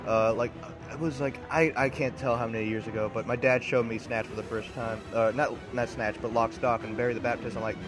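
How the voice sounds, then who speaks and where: A man's voice: mid-range voice, steady tone, fairly quick, music in the background. A man hosting a podcast in casual, profane chat, often laughing. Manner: profane, laughing, quotes lines. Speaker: podcast host.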